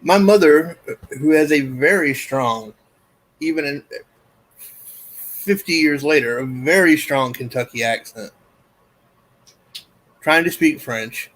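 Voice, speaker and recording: Man, fairly high voice, casual chat host, joking storyteller, chatty. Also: slow pace, long pauses, fairly bright tone, rough recording.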